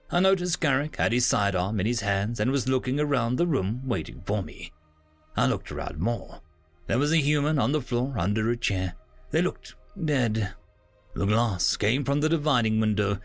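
Lively male story narrator, dry sound. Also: mid-range voice, dry recording. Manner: lively, expressive first-person telling. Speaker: audiobook narrator.

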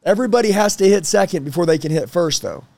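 A man in his thirties telling personal stories in a casual interview, blunt and animated, swearing freely. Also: high voice, fast, vocal fry, dry recording. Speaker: guest.

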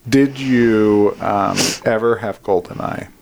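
Gravelly, teasing podcast co-host. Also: medium pitch, slow, darkish tone, a little hiss or hum. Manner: dry, teasing, laughs often. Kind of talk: casual chat.

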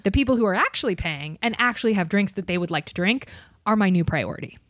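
A woman's voice: medium pitch, quick pace, dry recording, clean studio sound. A woman hosting a podcast, telling a story in casual chat, swearing freely and acting out the people in it. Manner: animated, swears freely, acts out other voices. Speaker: podcast host.

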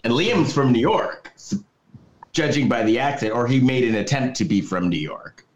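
A man's voice: medium pitch, lively intonation, moderate pace, reverberant, dull audio, a little hiss or hum. A man co-hosting a podcast, recapping a movie's plot scene by scene in casual chat and laughing as he goes. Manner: laughing, storytelling recap with quoted lines. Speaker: podcast co-host.

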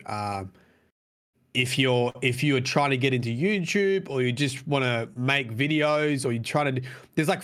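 A man's voice: medium pitch, a bit bright. A man co-hosting a casual chat. He rambles, swears freely and fills gaps with "um" and "like". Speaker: podcast co-host.

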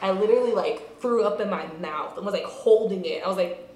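A woman's voice: mid-range voice, brisk, darkish tone. A woman from California, casually telling a raunchy story with lots of swearing and laughter. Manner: loose storytelling, heavy swearing, laughs often. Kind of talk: casual chat.

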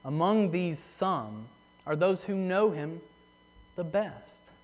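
Earnest preacher in a reverberant church. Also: male voice, high voice, expressive. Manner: earnest, repeats phrases for emphasis, slows on key words. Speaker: pastor. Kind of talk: sermon. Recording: long hall reverb.

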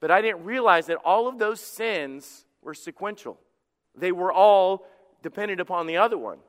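A man, a pastor, preaching a sermon in an animated way, acting out quoted voices and often repeating words as he goes. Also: high voice, normal speed, big-room sound.

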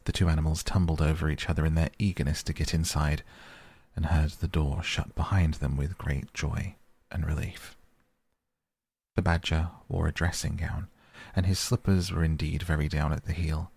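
Deep, husky man narrating a classic storybook; measured. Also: darkish tone, dry recording. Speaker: audiobook narrator.

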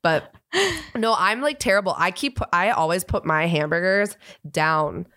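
A woman's voice: on the low side, expressive, unhurried, sharp tone, no echo, studio quality. A woman co-hosting a casual podcast, rambling and giggly with lots of "like". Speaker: podcast co-host. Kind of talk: casual chat.

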